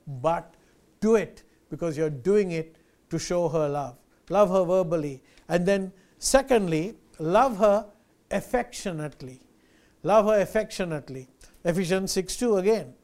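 A man's voice: high voice, darkish tone. A male pastor preaching a sermon, earnest and emphatic, repeating key phrases and addressing listeners as friends.

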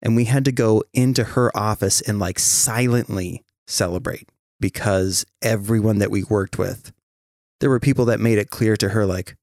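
A man's voice: lowish voice, moderate pace, creaky, dry recording, studio quality. A man hosting a podcast, talking casually and animatedly, with frequent swearing. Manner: profane, animated storytelling. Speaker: podcast host. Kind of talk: casual chat.

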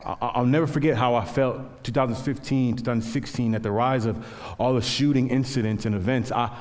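A man's voice: mid-range voice, fairly even intonation, fairly quick, darkish tone, long reverb tail. A man in his thirties preaching a sermon, telling stories with self-deprecating humor. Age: 30s. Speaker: pastor.

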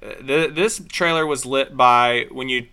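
A man's voice: measured pace, clear, resonant tone. A man co-hosting a podcast, chatting casually and jokingly about movie trailers. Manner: animated, joking, pitch jumps when excited. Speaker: podcast co-host. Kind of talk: casual trailer-review chat.

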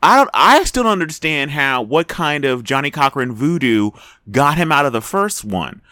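A man with a fairly high, bright voice and a very lively pitch. He co-hosts a casual chat and rants in exasperated disbelief. The sound is dry and close. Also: moderate pace, no room sound. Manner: incredulous, exasperated ranting. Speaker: podcast co-host.

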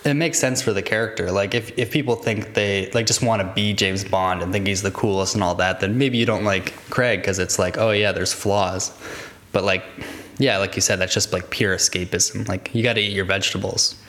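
Easygoing man, slightly low voice. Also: fairly quick. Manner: relaxed, heavy use of "like", easygoing laughs. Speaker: podcast co-host. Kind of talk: casual chat.

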